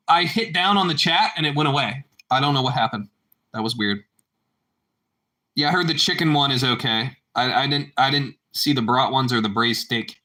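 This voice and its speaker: A livestream host and adult parent chats casually with his viewers, calling them bro as he rambles and repeats himself. His voice is medium-pitched and sharp, at a moderate pace.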